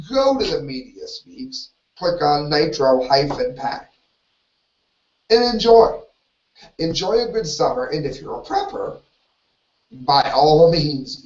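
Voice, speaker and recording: A man hosting a solo live talk show, rambling and opinionated, often stopping himself mid-sentence. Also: mid-range voice. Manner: rambling, opinionated, self-interrupting. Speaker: host. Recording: roomy, distant, dull lo-fi audio.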